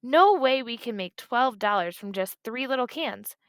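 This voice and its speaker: Brief: woman playing a cool, offhand neighbor girl, high bright voice with a gravelly edge, storybook read-aloud. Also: expressive, moderate pace, dry recording, clean studio sound.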